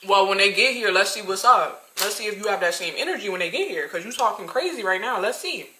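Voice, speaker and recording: A woman in her twenties telling a story-time tale to her viewers, animated and talking straight to them. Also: medium pitch, fast, hardly any pauses, background noise. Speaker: vlogger. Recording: roomy echo.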